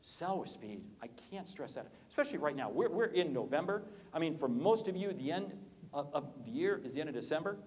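Sales keynote guy, kinda high voice, super animated, voice jumps all over, ribbing the crowd. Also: a little fast. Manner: animated, swoops pitch up and down, jokes with audience. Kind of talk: energetic conference talk. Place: conference hall.

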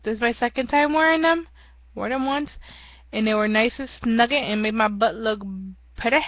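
A woman's voice: fairly high pitch, moderate pace, dry recording, lo-fi sound. A young woman giving a rambling, self-mocking casual vlog update, often laughing at herself. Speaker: vlogger.

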